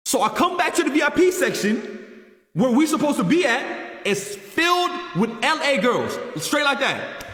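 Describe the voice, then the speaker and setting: High, animated man with echoey sound. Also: moderate pace. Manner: animated, swings between loud outbursts and hushed asides. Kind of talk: animated storytelling to a stream chat. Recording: echoey, roomy reverb.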